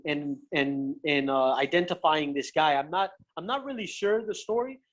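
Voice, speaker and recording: A young man, a professional fighter, chatting as a guest and telling stories in an animated, profane way, often restarting his sentences. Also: high-pitched. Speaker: guest, pro MMA fighter. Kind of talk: casual chat, storytelling.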